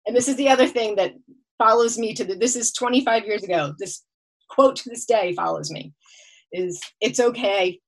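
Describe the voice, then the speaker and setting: A woman's voice: a little high, moderate pace, creaky, rough recording. A woman telling a long story as a podcast guest, laughing often as she talks. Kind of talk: casual storytelling.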